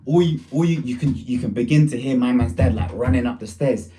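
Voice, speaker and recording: A man's voice: mid-range voice, fairly quick, warm tone, faint music behind. A young man telling a rambling, slang-heavy story in a casual storytime.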